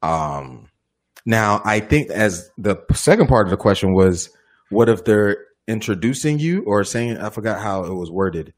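A male minister giving casual, animated advice in a question-and-answer talk, often acting out the people he quotes and laughing. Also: on the low side, a little slow.

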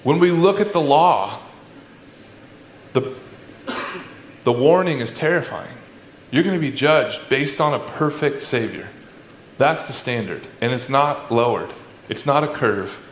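A man preaching a sermon as a pastor, in a conversational, animated way with sarcastic asides. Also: mid-range voice, a little slow, long pauses, a little hiss or hum. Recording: echoey room with faint ambience.

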